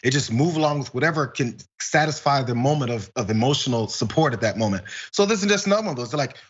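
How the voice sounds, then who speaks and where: A man's voice: mid-range voice, expressive, fast, husky, lo-fi sound. A man co-hosting an online news show, giving blunt, mocking opinions in a casual way. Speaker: guest co-host.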